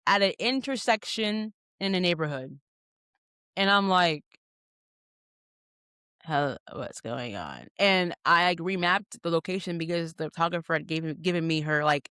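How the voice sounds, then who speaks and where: A young woman hosting a podcast, telling a story in casual chat, animated and full of fillers, acting out what people said. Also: on the low side, clean tone, no room sound, studio quality. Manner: animated, many "like" fillers, acts out quotes. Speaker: podcast host.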